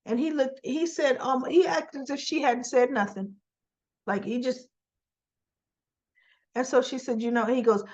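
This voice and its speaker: A woman's voice: on the high side, lively intonation, normal speed, darkish tone, lo-fi sound. A woman casually retelling a soap opera episode, acting out characters' lines with "she goes" and correcting herself as she talks. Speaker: soap opera recap vlogger.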